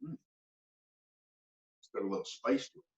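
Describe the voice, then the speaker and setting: Canadian guy, distant and dull in a roomy space. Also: normal speed. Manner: matter-of-fact, explanatory. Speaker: co-host of a whisky tasting show. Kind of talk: casual tasting chat.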